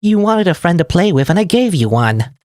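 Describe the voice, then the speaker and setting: A man's voice: big pitch swings, brisk, darkish tone, no echo. A man voicing a lonely, clingy young princess girl in a raised, nasal voice while playing a game. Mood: demanding. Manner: high nasal pleading.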